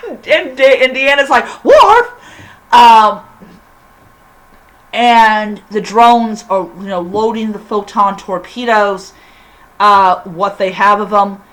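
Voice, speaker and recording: A woman giving a casual spoken episode review, gushing and excitable, with frequent halting restarts. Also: medium pitch, poor audio.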